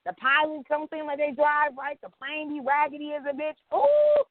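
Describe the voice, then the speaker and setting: A woman in her thirties trades blunt, profane remarks in a casual podcast chat, laughing easily. Her voice sits a little high. The sound is dry and narrow, like a phone line. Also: flat delivery, fairly quick, no echo. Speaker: podcast co-host.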